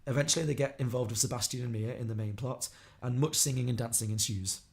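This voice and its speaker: Chatty podcast host guy, talks fast, reads out listener ideas and riffs. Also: mid-range voice, creaky. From Liverpool area of England. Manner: quick, chatty, reads listener suggestions aloud with laughs. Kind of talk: casual podcast chat, reading listener ideas.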